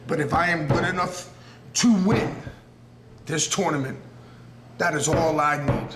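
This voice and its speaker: In this raw promo, a man in his thirties with a New York accent speaks a little slowly, leaving long pauses, his voice on the high side, a bit bright, and fairly even in intonation. As a pro wrestler, he's earnest and intense, rambling and circling back to earlier points. The room gives off a noticeable echo.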